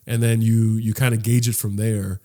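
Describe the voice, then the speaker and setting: A young man with a fairly low-pitched voice talks at a normal speed as a podcast co-host. His casual, funny childhood story comes alive as he animatedly acts out each person's voice.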